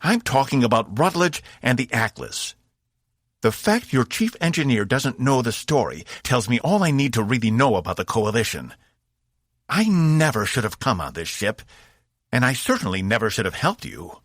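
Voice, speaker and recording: A towering blue alien warrior woman, as a male audiobook reader puts her on, spits each line with seething contempt and barks commands. The voice sits well above his own low register and pushes harder and louder, with a lively rise and fall and a dry, close sound. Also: normal speed, no room sound. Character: furious towering blue-skinned alien female consul.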